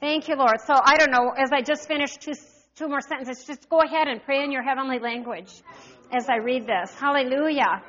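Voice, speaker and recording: High bright-voiced woman preaching. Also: a little fast, muffled recording. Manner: animated, call-and-response with congregation. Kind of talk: sermon.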